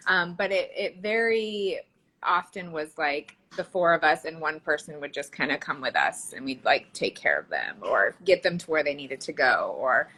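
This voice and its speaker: A woman's voice: on the low side, bright, forceful tone, rough recording. A woman co-hosting a podcast in casual chat, chatty and laughing often, with many fillers. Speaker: podcast co-host.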